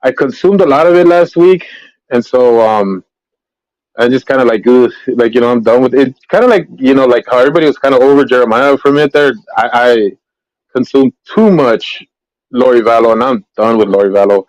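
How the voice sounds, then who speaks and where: A man's voice: medium pitch, fairly quick, darkish tone, no echo, muffled recording. A man hosting a casual livestream, chatting in a rambling way about true-crime cases with many fillers and restarts. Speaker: livestream host.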